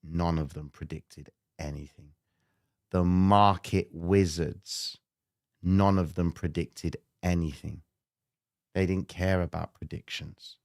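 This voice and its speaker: A male trading show host answering questions in a blunt, swearing rant that jumps from low muttering to loud outbursts. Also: vocal fry, no room sound, clean studio sound. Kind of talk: live trading Q&A, animated rant.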